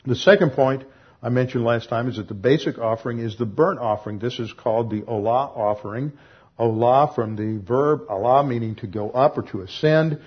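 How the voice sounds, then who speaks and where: A man giving an expository Bible lesson, measured and explanatory, pausing often with "uh" and correcting himself as he reads verses aloud. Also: mid-range voice, husky, dull audio. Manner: measured, with frequent "uh" pauses and self-corrections. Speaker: Bible teacher.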